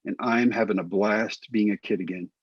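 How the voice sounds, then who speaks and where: Casting note: middle-aged male storyteller, husky voice, dull dry lo-fi sound, animated. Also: on the low side, moderate pace, no room sound. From Texas. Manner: animated, acts out quoted voices. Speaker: guest, former baseball pitcher. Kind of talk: casual storytelling interview.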